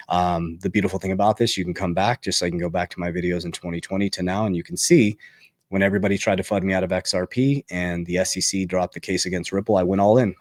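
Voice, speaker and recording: A man's voice: deep voice, dry recording, studio quality. A man talking as a finance coach in an emphatic motivational monologue, repeating his key phrases and getting fired up.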